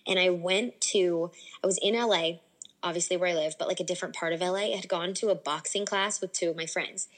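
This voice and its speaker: A young adult woman telling a story as a podcast guest in a casual, animated way, with lots of "like" fillers. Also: lowish voice, quick pace. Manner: animated, many "like" fillers, excitable.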